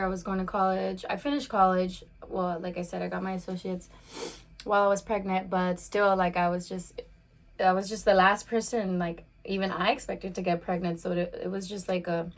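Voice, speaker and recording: A young woman in her twenties chats through a personal story for her vlog, mixing bites and sips into the talk. She rambles in a friendly way and leans hard on "like" and "you know," with her voice at an ordinary middle pitch. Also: slight background noise. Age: 20s. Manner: chatty, lots of "like" fillers. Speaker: vlogger. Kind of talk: casual storytime while eating.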